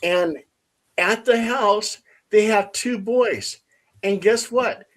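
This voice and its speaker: A man hosting a casual chat, telling a story in an animated way and acting out the voices of the people in it. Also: high-pitched, slow pace.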